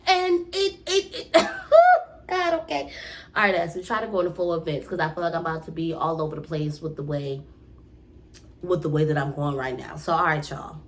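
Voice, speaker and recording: Young female recap vlogger, slightly low voice, casual and exasperated, rambling delivery. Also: quick pace, slight background noise. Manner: exasperated, animated, restarts often.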